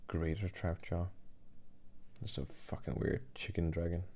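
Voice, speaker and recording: A young man hosting an art livestream, rambling and joking in a relaxed chat while he laughs and swears. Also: sits low, measured pace, a little hiss or hum. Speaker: livestream host and digital artist.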